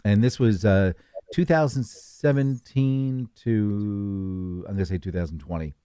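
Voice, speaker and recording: A man's voice: lowish voice, unhurried, warm tone, clear, resonant tone, no echo, clean studio sound. A man co-hosting a podcast, telling rambling stories with a lot of hesitation in casual chat. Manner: rambling storyteller, many fillers and restarts. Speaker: podcast co-host.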